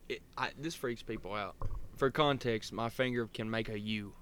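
A man's voice: mid-range voice, moderate pace, a bit bright, slight background noise. A man co-hosting a casual podcast who teases his friends and chuckles. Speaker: podcast co-host. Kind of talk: casual chat.

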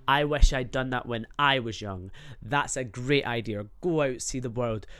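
A man's voice: mid-range voice, normal speed, fairly bright tone, smooth. A man delivering a profane, rambling, jokey rant to his stream audience. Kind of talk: comedic rant.

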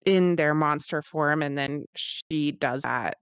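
A woman co-hosting a podcast in casual chat, blunt and quick to laugh, swearing freely. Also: deep voice, clear, resonant tone, no echo. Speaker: podcast co-host. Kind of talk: casual book-club chat.

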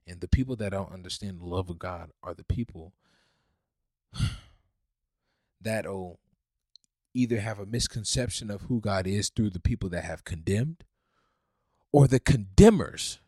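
Male podcast preacher, fervent, loud peaks to soft pleas, dry close sound. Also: fairly low pitch, no room sound. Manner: fervent, swings from loud preaching to hushed pleading. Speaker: podcast host.

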